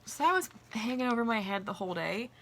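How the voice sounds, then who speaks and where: A young adult woman vlogger casually telling work stories in an animated way, swearing freely. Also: fairly high pitch, fast talker, slight background noise. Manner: animated, acts out quoted voices, swears casually. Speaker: vlogger and restaurant worker. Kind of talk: casual storytelling.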